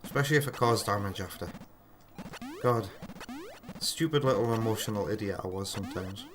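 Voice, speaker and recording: A male streamer with a lowish voice talks fairly quickly through live gameplay commentary, self-deprecating as he answers his chat. Game music plays behind him.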